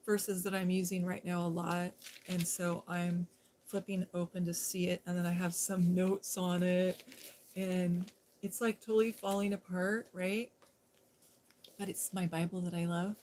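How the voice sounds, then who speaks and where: A woman's voice: on the low side, a little mellow. Chatty, giggly woman on a phone live stream. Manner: chatty and giggly, talks to viewers in chat. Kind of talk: casual live-stream chat.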